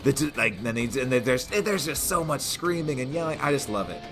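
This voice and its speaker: A man co-hosting a tabletop gaming podcast, pitching a scenario in a rambling, casual way with lots of fillers. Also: animated, a little fast, over music. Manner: rambling, many fillers and restarts. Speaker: podcast co-host, game master. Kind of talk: casual chat.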